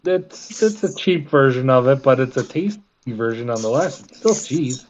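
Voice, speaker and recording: A man's voice: mid-range voice, expressive, normal speed. Guy from wisconsin just chatting, kinda dull mic with faint hiss. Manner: rambling, restarts with many fillers. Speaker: tabletop game player. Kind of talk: casual chat.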